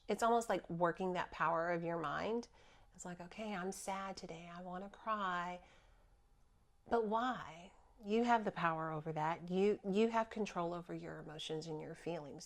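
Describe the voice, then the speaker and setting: A woman who works as a spiritual healer, talking casually on a podcast and acting out her own inner voice with laughs. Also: fairly low pitch.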